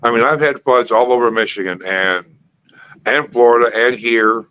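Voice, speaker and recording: A man of middle pitch hosting a laid-back live stream conversation. He talks easily and stumbles over repeated words as he starts his sentences, with faint noise behind his voice. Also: normal speed, pushed and bright, poor audio. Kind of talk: casual chat.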